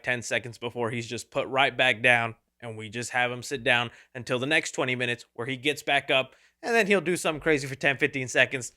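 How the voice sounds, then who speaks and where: A man's voice: mid-range voice, bright, forceful tone. A man giving a casual movie review in a sarcastic, jokey way. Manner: sarcastic, jokey, fond of quick impressions. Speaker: film reviewer.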